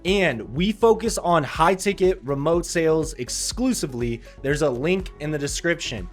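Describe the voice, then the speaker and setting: A man hosting a sales-career video, pitching directly to viewers in an upbeat, salesy way with sarcastic asides. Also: expressive, normal speed, soft background music. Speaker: sales recruiter and channel host.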